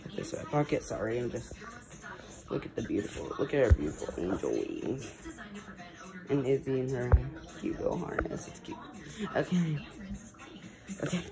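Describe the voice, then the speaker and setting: A woman's voice: very deep voice, big pitch swings, moderate pace, gravelly, pauses often, over music, poor audio. A woman vlogging casually, chatting and coaxing her dogs at home and then out on a walk. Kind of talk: casual vlog chat.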